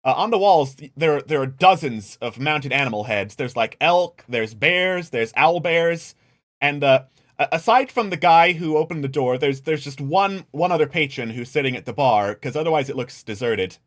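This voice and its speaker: A man's voice: fairly high pitch, lively intonation, moderate pace. A man narrating as game master of a tabletop role-playing game, with many hesitations and fillers.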